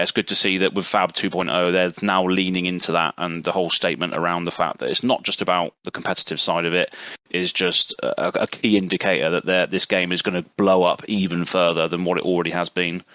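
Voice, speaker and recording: A man from Europe, a content creator talking as a guest on a podcast panel, relaxed and rambling with many restarts. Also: deep voice, brisk, no room sound. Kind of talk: casual podcast panel chat.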